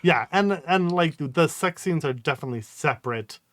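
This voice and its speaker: A man's voice: fairly high pitch, animated, moderate pace, a bit bright, no room sound. A man co-hosting a podcast, talking hesitantly about a book with many fillers. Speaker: podcast co-host. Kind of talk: casual book-club chat.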